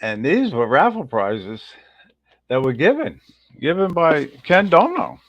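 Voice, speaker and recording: A man's voice: a little high, wildly swooping pitch, unhurried, no room sound, dull audio. A man hosting a casual livestream, rambling and greeting viewers in the chat one by one. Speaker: livestream host.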